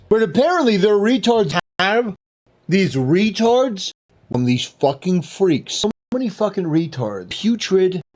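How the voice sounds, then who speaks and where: A man with a somewhat high voice rants through a string of online commentary clips. Every line is a short, contemptuous jab delivered with open scorn. The tone is clipped and dismissive throughout. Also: a little mellow. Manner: contemptuous, clipped name-calling. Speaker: YouTube commentator.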